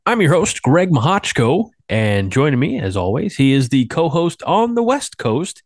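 A man's voice: a little high, big pitch swings, normal speed, no echo, studio quality. A man hosting a podcast in casual chat, a bit congested, rambling and self-deprecating. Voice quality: congested, stuffy sinuses. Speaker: podcast host.

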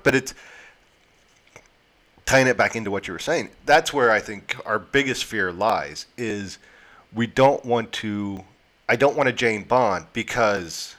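A man in his forties talks in a slightly low voice during a relaxed discussion. He thinks aloud, trails off and restarts his sentences as he works his ideas out. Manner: thoughtful, rambling with restarts. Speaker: podcast co-host. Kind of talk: casual discussion.

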